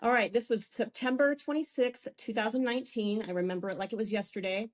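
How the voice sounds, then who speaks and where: A woman's voice: a little high, fairly even intonation, fast. Fifties woman guest, gushy and emotional, keeps restarting her sentences. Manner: effusive, restarts often, gets emotional. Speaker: guest, beauty and wellness coach. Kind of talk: candid personal storytelling.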